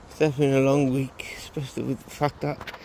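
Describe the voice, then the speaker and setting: A man's voice: mid-range voice, flat delivery, mellow, a little hiss or hum. A tired man vlogging casually, rambling and correcting himself as he goes. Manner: rambling, halting, self-correcting. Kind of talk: casual vlog monologue.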